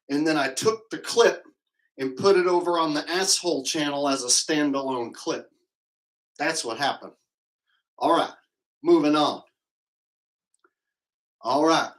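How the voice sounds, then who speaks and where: A man's voice: a little high, fairly bright tone, poor audio. A man hosting a livestream, hyping the chat with chanted crowd calls and rambling into comic rants. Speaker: livestream host.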